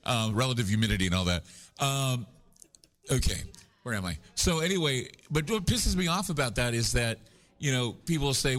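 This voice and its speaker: At a live paranormal conference, a male guest chats casually in a medium-pitched, fairly bright voice with lively intonation and a normal pace. His stories run long and rambling, peppered with jokes that mock himself.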